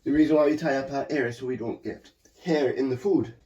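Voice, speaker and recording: A man joking his way through a casual cooking demo in his small home kitchen, deadpan and swearing freely. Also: mid-range voice, a little fast, dull audio. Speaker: home cook hosting a cooking video. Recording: loud fan noise in a small kitchen. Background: extractor fan hum.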